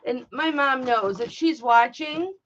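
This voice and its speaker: Slow-talking blunt woman on a livestream. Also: high-pitched, a bit bright. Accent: Michigan. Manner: blunt, profane and emotional, drawn-out speech. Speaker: livestream host. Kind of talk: casual livestream chat. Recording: dull lo-fi livestream audio.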